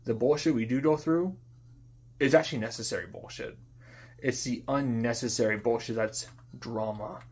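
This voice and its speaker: A young man in an unscripted monologue, venting in frustration, swearing often, repeating himself and trailing off into quiet mutters. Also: mid-range voice, normal speed, slightly rough. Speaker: vlogger.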